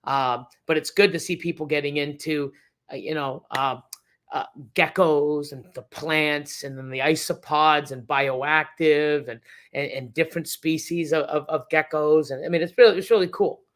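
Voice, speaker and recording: A man's voice: a little high, fairly even intonation, normal speed, a bit bright. A middle-aged man hosting a casual livestream, rambling with many fillers and restarts as he reads the chat. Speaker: reptile breeder hosting a livestream.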